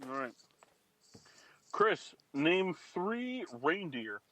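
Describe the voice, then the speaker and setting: Guy running a quiz on a live stream, kinda high voice, teasing everyone. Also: big pitch swings, a bit bright. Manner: teasing, quick and joking. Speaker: podcast host running a quiz game. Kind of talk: casual banter on a live radio stream.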